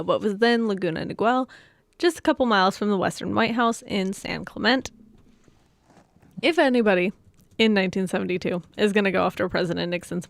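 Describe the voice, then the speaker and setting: A woman narrates a true story in a casual podcast setting, reading from notes with frequent laughter. Her voice is mid-pitched and recorded close and dry. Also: creaky, dry recording.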